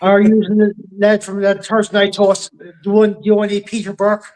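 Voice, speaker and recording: A man's voice: high voice, completely flat delivery, normal speed, darkish tone, low-quality recording. An Irish man hosting a podcast in casual chat, joking and bantering with his guests. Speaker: podcast host.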